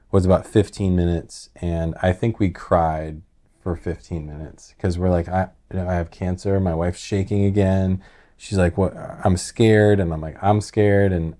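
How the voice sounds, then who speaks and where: Casting note: lower-voiced man, podcast host, animated casual storyteller. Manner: animated, laughing retelling that drops to quiet, heavy tones.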